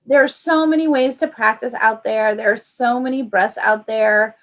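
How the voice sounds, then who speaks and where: A young woman with a fairly high voice explains calming breaths to parents. She talks in a friendly, easygoing way, with plenty of fillers and loose asides, like a paraprofessional chatting after class. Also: normal speed. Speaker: early childhood paraprofessional. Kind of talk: informal parent education talk.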